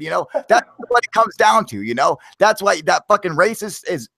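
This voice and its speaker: A man's voice: high voice, big pitch swings, normal speed, vocal fry, hardly any pauses, sharp tone, no echo. A man hosting a casual talk show, ranting in a profane and emphatic way. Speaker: podcast host.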